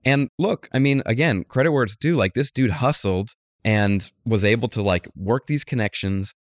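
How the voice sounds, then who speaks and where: A male journalist as an interview guest, telling a story with lively acted-out quotes. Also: medium pitch, normal speed, dry recording, clean studio sound. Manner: animated storyteller, acts out quotes. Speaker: guest author, political journalist. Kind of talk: conversational interview.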